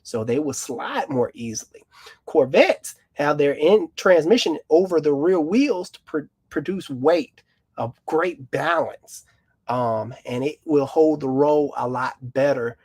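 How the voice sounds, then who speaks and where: A man's voice: on the high side, expressive, measured pace, a little mellow, slightly rough, no echo, clean studio sound. A man, a mechanic co-hosting a casual live car Q&A, who explains at length in a folksy way. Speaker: mechanic, co-host.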